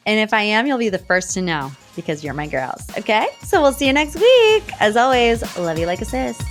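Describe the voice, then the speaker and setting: Animated gossipy woman podcast host. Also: medium pitch, fairly quick, soft background music. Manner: gossipy, animated, acts out quotes in shifting voices. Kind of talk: chatty pop-culture recap.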